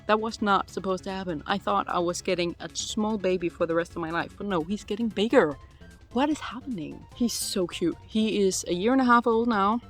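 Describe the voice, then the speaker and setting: A woman's voice: medium pitch, a little fast, faint music behind. Giggly chatty woman in her twenties. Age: 20s. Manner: chatty and giggly, full of "like" fillers. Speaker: vlogger answering viewer questions. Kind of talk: casual chat. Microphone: phone.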